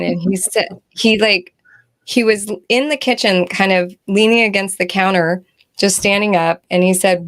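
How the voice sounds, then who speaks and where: A woman guest on an interview show, telling a personal story in an animated way, acting out the dialogue and laughing often. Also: mid-range voice, normal speed. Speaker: guest author and spiritual healer.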